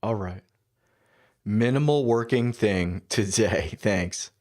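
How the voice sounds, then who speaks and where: A man with a fairly low voice talks through his coding session, reading and reacting as he goes. He murmurs short asides and half-thoughts to himself in a relaxed, conversational way. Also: slow. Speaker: developer livestreaming his coding. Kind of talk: casual thinking-aloud commentary.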